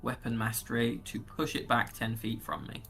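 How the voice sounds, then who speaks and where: Player, male, bright tense voice, chatty, works out rules aloud. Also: mid-range voice, expressive, moderate pace, creaky, slightly rough, faint music behind. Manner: chatty, thinks out loud about rules. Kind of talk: casual tabletop play.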